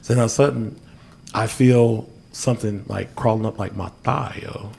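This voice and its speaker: A man hosting a podcast, telling a story in a loose, profane, animated way and dropping "yo" constantly. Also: on the low side, normal speed, gravelly, a little hiss or hum. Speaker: podcast host. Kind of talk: casual storytelling chat.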